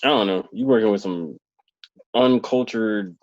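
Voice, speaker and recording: A man's voice: fairly low pitch, measured pace, a little mellow, no echo. A man co-hosting a casual podcast, cracking dry teasing remarks. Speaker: podcast co-host. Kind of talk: casual chat. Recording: dry, dull lo-fi sound.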